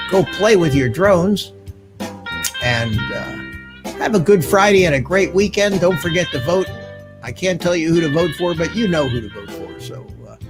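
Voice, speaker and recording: An older man hosting a live online drone show, chatting casually and thanking viewers one by one. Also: on the high side. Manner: relaxed, chatty, thanks chat members by name. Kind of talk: casual live-stream chat.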